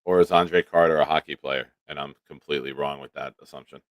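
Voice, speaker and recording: A man with a low-pitched voice hosts a casual sports livestream. His sound is dry and close to the mic, and his talk is loose, profane, and quick to laugh. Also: steady tone, dry recording. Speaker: livestream sports show host. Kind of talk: casual live-stream chat, reading viewer comments.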